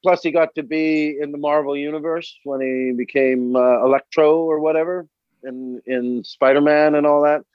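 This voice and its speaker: A man's voice: fairly high pitch, steady tone, normal speed, dry recording, dull audio. A man with a North American accent, co-hosting a podcast in a laid-back, rambling way and swearing freely. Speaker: podcast co-host. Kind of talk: casual chat.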